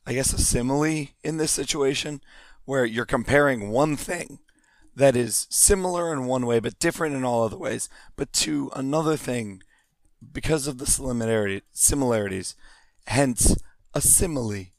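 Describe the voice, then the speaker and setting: A man's voice: mid-range voice, normal speed, no room sound, studio quality. A man co-hosting a podcast in casual chat, teasing and sarcastic. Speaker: podcast co-host.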